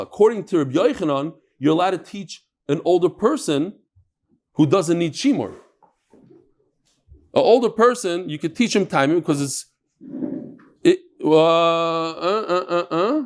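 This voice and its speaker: A man leads a live Talmud class with a slightly high voice that swoops up and down. He banters with his listeners and drops Yiddish and Hebrew words into his explanations. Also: expressive, normal speed. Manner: mixes Yiddish and Hebrew terms into his talk. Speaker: Talmud teacher.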